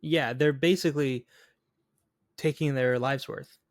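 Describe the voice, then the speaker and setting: A man's voice: medium pitch, unhurried, no echo, clean studio sound. A man co-hosting a podcast, chatting casually about a film and acting out its lines. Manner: animated, acts out quotes from the film. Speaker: podcast co-host. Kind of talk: casual chat.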